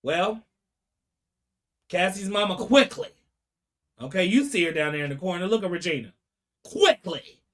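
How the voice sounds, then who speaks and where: A commentary vlogger retells court testimony in a casual but dramatic style, speaking directly to his viewers and acting out the people he quotes with animated flair. His voice is high, his pace normal, and he leaves long pauses.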